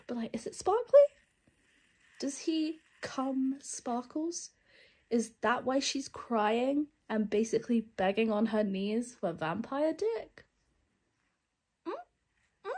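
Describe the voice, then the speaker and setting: A woman's voice: fairly high pitch, lively intonation, slow pace, pauses often, darkish tone. A young woman in a casual book vlog, candid and sarcastic, laughing often. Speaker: book vlogger. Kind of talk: casual reading vlog chat.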